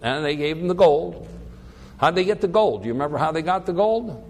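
A man teaching a Bible passage in a conversational sermon, acting out the people's complaints with lively emphasis. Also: fairly high pitch, brisk, in a large hall. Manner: animated, acts out the people's complaints. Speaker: preacher.

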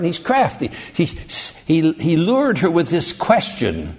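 A man preaching a sermon, animated and emphatic, teaching through rhetorical questions. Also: medium pitch, normal speed, few pauses, slightly rough.

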